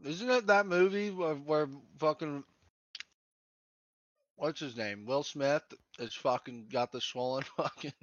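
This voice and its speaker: A man's voice: fairly high pitch, unhurried, fairly bright tone, no echo, muffled recording. A man cohosting a podcast in casual banter, joking, laughing often and swearing. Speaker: podcast co-host.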